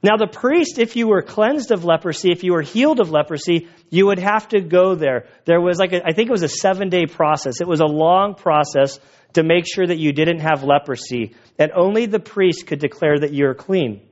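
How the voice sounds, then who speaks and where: A man delivering a sermon with a somewhat high-pitched voice, talking casually and with animation as he retells a story. The recording sounds a little dull and lo-fi. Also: normal speed. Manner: conversational, animated retelling with acted quotes. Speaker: pastor.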